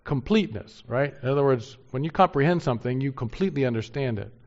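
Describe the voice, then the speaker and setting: A man preaching a sermon in an earnest way, rising to emphatic peaks and then dropping soft. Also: mid-range voice, animated, fast. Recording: dull lo-fi sound.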